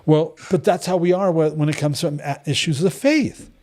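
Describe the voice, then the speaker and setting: Man, middle-aged, somewhat high voice, blunt, lively storytelling, restarts often. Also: moderate pace. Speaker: devotional group leader. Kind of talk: casual teaching talk.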